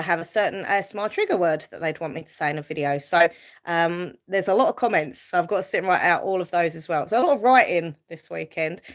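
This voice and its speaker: A woman casually chatting on a live stream, reading viewer comments aloud and answering them, rambling with fillers and light laughs. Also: lowish voice. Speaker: YouTuber hosting a live stream.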